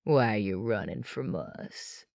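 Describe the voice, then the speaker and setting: A narrator voicing a menacing young male thug who talks slowly and low, in an audiobook. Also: animated, creaky, a little mellow, no echo, clean studio sound, full character voice. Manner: slow, low and threatening. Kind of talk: audiobook character voice.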